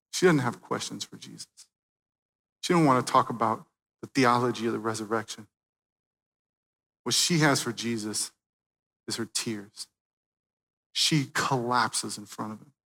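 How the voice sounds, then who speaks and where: A man preaching a sermon, swinging from loud, emphatic peaks to quiet, hushed moments. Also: mid-range voice, vocal fry, long reverb tail. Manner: dynamic preaching, swelling loud then dropping soft.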